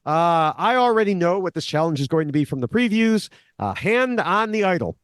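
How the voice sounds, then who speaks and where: Guy cohosting a tv recap podcast, lively up-and-down voice, laughs a lot, dry close sound. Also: sits high, normal speed, smooth, no room sound. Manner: animated recapping, laughs often. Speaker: podcast co-host, Survivor expert. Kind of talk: casual podcast chat.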